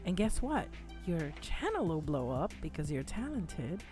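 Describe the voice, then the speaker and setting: A woman's voice: lowish voice, big pitch swings, measured pace, dark tone, soft background music. A woman with a Spanish accent co-hosting a casual live stream, chatty and sometimes fumbling her words.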